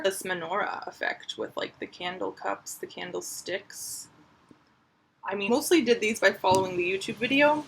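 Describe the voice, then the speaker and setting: A woman showing her crochet squares in a casual, upbeat, chatty vlog, full of fillers. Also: medium pitch. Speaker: crochet vlogger. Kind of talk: casual show-and-tell.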